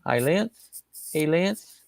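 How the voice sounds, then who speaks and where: A man's voice: fairly high pitch, animated, very slow, creaky, no echo, studio quality. A middle-aged man hosting a casual livestream chat, reading out viewer comments in a folksy, rambling way with a loose, chuckling delivery. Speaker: livestream host.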